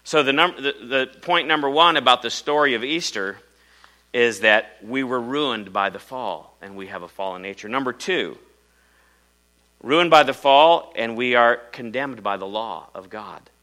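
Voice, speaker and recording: Bright, forceful preacher man from Iowa. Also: normal speed, low-quality recording. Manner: dramatic storytelling, swings from loud emphasis to hushed low lines. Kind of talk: sermon.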